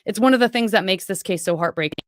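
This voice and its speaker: A woman's voice: medium pitch, fast, no echo. A woman co-hosting a podcast, speaking earnestly and emphatically in casual conversation, repeating words for stress. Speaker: podcast co-host.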